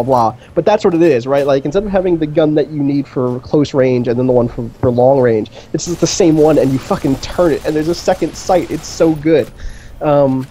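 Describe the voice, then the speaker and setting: A man chatting casually on a gaming stream with a mellow, warm tone, at an ordinary pitch. He rambles eagerly from one point to the next and fills his pauses with "um". A faint hum of noise sits under his voice. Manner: enthusiastic, rambling, many fillers. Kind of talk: casual chat. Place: indoor streaming setup.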